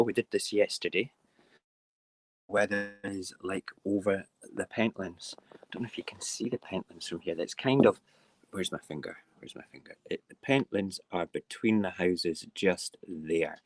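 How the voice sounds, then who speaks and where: The recording is rough, and the speaker's voice is low-pitched. He's a Scottish live-stream host doing an informal morning show at home, drifting from kitchen to windows, talking freely and playfully repeating words over and over.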